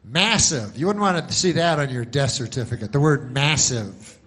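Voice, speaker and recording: A man doing stand-up comedy, telling a long story in a deadpan, rambling way. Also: mid-range voice, normal speed, slightly rough.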